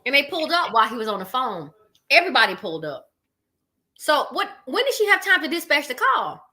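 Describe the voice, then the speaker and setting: A woman's voice: high voice, sing-song, fairly quick, sharp tone. A woman giving a casual reaction commentary on an emergency call, blunt and talking straight to her viewers. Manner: blunt, talks to viewers as "y'all".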